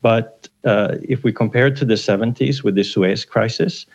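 Professor man from Sweden, low gravelly voice, hesitant, dull breaking-up call line. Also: normal speed. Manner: hesitant, many fillers. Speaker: economics professor guest. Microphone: remote call line.

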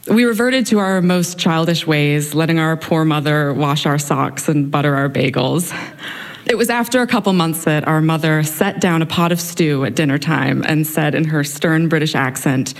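A woman's voice: low-pitched, normal speed. A young woman telling a wry personal story on stage to an audience. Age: young adult.

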